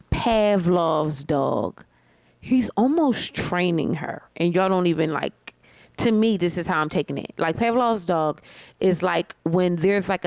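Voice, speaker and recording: Animated woman co-host, dry close sound. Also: on the low side, dry recording. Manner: animated, explains with examples and asides. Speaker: co-host of a reality TV review show. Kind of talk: casual chat.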